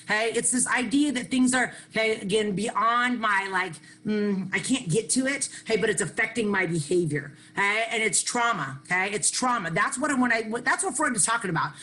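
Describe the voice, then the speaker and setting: A middle-aged woman, talking into a computer mic on a video call at a recovery workshop. Her voice is bright and forward. She is lively and self-mocking, and she drops "hey" and "okay" into nearly every thought. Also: medium pitch, moderate pace, few pauses, rough recording. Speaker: workshop speaker sharing on recovery. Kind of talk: animated recovery share.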